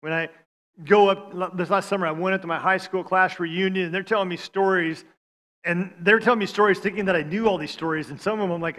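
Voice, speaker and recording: A man preaching a sermon, stammering on restarts and swinging from loud appeals to hushed lines. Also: sits high, steady tone, fast talker. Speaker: pastor.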